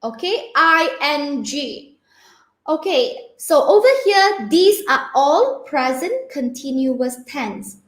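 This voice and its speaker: A high-voiced woman teaching a grammar lesson to young pupils. She speaks slowly and patiently, spells words out letter by letter, and keeps checking in with "okay?". Her voice rings in an echoey room. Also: sing-song. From Malaysia. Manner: peppers speech with "okay?" checks. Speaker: primary school English teacher.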